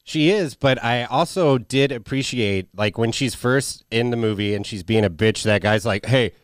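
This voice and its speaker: Man, podcast co-host, everyday mid voice, dry sound, relaxed swearing movie chat. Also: mid-range voice, normal speed, clean tone, no room sound. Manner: relaxed, laid-back, swearing freely.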